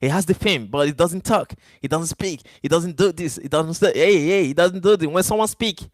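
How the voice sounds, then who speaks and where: Talking to his chat at normal speed with hardly any pauses, this livestream host has a voice on the high side and no echo. English isn't his first language, and he is emphatic and repetitive.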